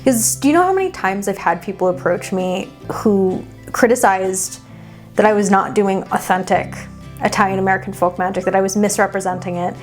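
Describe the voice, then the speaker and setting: A woman giving casual reaction commentary on her own old video, animated and teasing, with casual swearing and asides to viewers. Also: medium pitch, a little fast, soft background music. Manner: talks straight to viewers. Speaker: witchcraft content creator.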